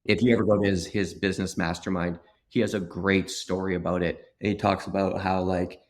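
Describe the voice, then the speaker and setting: A male podcast guest with a deep, low voice speaks casually and enthusiastically. He tells anecdotes, often filling his sentences with "like" and "man.". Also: level tone, fairly quick. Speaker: podcast guest, business owner. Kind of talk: casual conversational interview.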